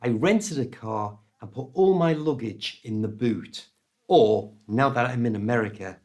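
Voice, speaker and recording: A British man telling a story as an English lesson, slow and deliberate, his voice rising and falling a lot. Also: medium pitch. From United Kingdom. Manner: slow, deliberate delivery with lively ups and downs. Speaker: English teacher.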